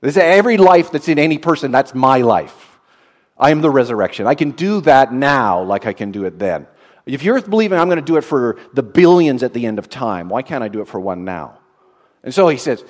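A man preaching a sermon in an expressive way, moving from loud emphasis to a hushed, tender tone. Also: on the high side, moderate pace.

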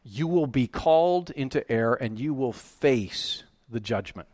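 A man preaching a sermon, animated and emphatic, often rising to loud, excited peaks. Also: mid-range voice, measured pace, no echo, studio quality. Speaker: pastor.

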